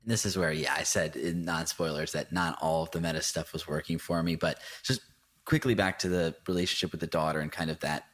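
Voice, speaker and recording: A man's voice: very deep voice, steady tone, brisk, fairly bright tone. A man co-hosting a podcast, talking through a film in an earnest, reflective way with frequent restarts. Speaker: podcast co-host. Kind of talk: casual film discussion.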